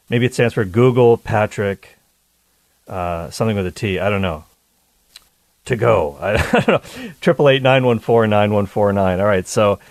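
Chatty radio host with a low, dry voice. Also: male voice, dry recording. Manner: chatty, jokey, upbeat. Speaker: radio talk show host. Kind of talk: call-in radio talk show.

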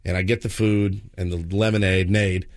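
His voice sits low and moves at a moderate pace as he, a man in his thirties co-hosting a radio morning show, tells a story. He's animated throughout, performing plenty of voices.

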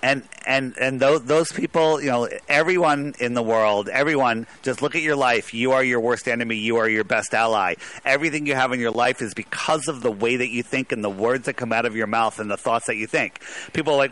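Male caller, emphatic and rambling, tense bright timbre. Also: medium pitch, brisk, hardly any pauses. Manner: rambling, emphatic, restarts a lot. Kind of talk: casual talk radio call.

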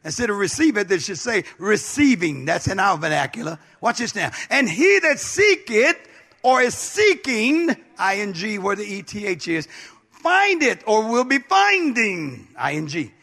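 High gravelly-voiced preacher. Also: male voice, very animated, moderate pace, hardly any pauses, fairly bright tone. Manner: emphatic preaching with repetition and call-outs. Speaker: pastor. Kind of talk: sermon.

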